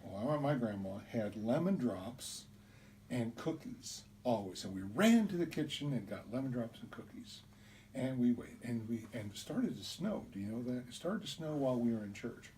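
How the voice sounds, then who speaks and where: A man telling a childhood story in an animated way, acting out the voices, recorded on a distant mic with faint hiss. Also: medium pitch, normal speed. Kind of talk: told personal story.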